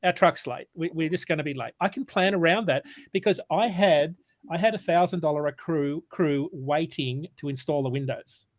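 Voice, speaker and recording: On a sales morning show, a man with a fairly high voice tells a long story in casual conversation, animated and acting out the dialogue while often stumbling and restarting. He talks at normal speed, and the sound is dry and close with no room sound.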